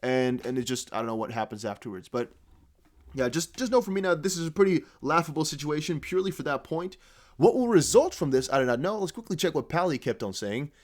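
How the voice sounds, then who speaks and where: Rambling Dutch-native man, lively pitch. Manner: rambling, halting, restarts while reading. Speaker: crypto news video host. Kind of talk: casual commentary reading posts aloud.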